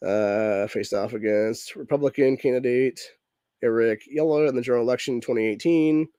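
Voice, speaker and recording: A man's voice: medium pitch, brisk, warm tone, clear, resonant tone, dry recording, clean studio sound. A sick-sounding man hosting a political podcast, ranting angrily and swearing constantly, with "dude" at the end of nearly every line. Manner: profane, heated, says dude constantly. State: sick, voice messed up. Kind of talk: angry political rant.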